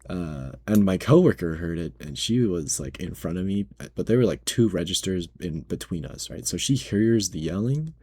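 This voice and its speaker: A man's voice: low voice, lively intonation, moderate pace, hardly any pauses, darkish tone, breathy edge. A young man working as a grocery cashier, retelling a bad customer story in a casual, slangy, exasperated way.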